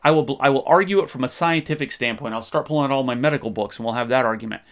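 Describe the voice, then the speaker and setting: A man's voice: mid-range voice, racing, a bit bright. Impassioned man giving faith commentary. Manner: impassioned, gets fired up; conversational, frequent restarts. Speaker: podcast host. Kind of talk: faith-based history commentary.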